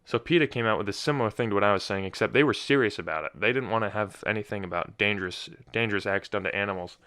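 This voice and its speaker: A man's voice: fairly low pitch, rapid-fire, sharp tone, clear, resonant tone, dry recording. Rambling young man hosting a podcast. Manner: rambling, self-correcting, restarts often. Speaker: podcast host. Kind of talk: casual solo podcast chat.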